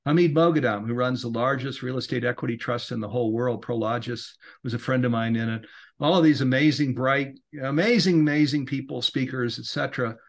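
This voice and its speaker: A middle-aged man, a podcast guest, talking in an earnest, rambling way that grows animated when he is inspired. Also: medium pitch, a little fast. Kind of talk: casual interview talk.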